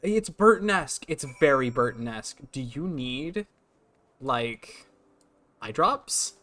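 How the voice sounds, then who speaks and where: A young man streaming a video game, chatting casually in an excitable, profane way and laughing often. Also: mid-range voice, slow. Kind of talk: casual gameplay chat.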